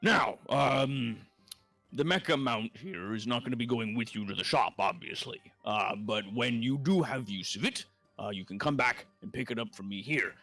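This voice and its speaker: A man voicing a warm, kindly old male mechanic who runs a parts shop, speaking in a measured, approving way. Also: mid-range voice, dry recording, soft background music.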